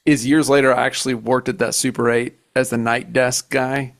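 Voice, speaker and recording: A man's voice: medium pitch, little pitch movement, moderate pace. A young adult man hosting a podcast, telling a story in a casual, self-mocking way with lots of fillers. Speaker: podcast host.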